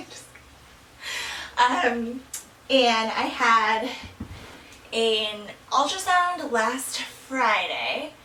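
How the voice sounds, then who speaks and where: Breathless young woman, bright and roomy. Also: fairly high pitch, lively intonation, extremely slow, long pauses, recorded from a distance. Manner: rambling, with many fillers and laughs. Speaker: vlogger. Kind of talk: casual chat. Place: small room at home. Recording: roomy, from off the mic, faint room hum.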